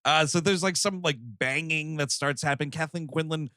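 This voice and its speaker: A man co-hosting a comedy movie podcast, chatting casually and animatedly, acting out characters with big pitch jumps. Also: normal speed, bright, forceful tone, no echo, studio quality. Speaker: podcast co-host.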